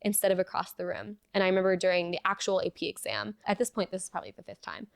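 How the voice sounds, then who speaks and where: A woman's voice: medium pitch, level tone, quick pace, vocal fry, no room sound, clean studio sound. A young adult woman, a guest in an interview, earnestly telling a personal story and peppering it with "like". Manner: earnest, fillers of "like", reenacts dialogue.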